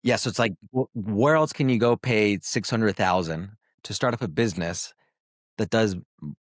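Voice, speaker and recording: A man's voice: fairly low pitch, moderate pace, no echo, studio quality. A man hosting a casual business interview, upbeat and summing up the guest's points. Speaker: interview host.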